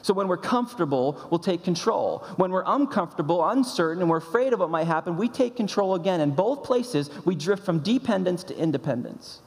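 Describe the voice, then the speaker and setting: A man's voice: sits high, animated, fairly quick, few pauses. Emphatic male pastor in a reverberant hall. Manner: emphatic, repeats key phrases. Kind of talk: sermon.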